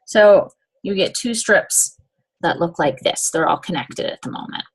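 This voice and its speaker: A woman's voice: fairly low pitch, expressive, a little slow, breathy edge. A woman giving a casual step-by-step nail application demonstration, checking in often with "okay?". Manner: chatty, step-by-step instructions with frequent "okay?" check-ins.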